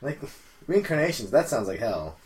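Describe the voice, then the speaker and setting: A man's voice: medium pitch, big pitch swings, moderate pace. A man chatting casually on a podcast, crude and joking, laughing often.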